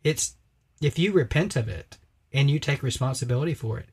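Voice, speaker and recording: A man's voice: medium pitch, lively intonation, brisk, slightly rough. A man co-hosting a religious podcast, talking emphatically and preachily and acting out quoted voices in casual discussion. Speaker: podcast co-host.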